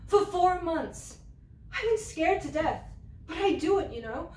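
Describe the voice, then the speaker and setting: An actress gives voice to a hot-tempered young ex-waitress who refuses to be pushed around. Her outbursts are profane and confrontational, the pitch riding high and swinging wildly. The recording sounds roomy and distant, as if the mic sits well back from her. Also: animated, measured pace, a little mellow, a little hiss or hum. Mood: indignant. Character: fiery young woman, ex-waitress, quick-tempered and defiant. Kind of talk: theatre monologue.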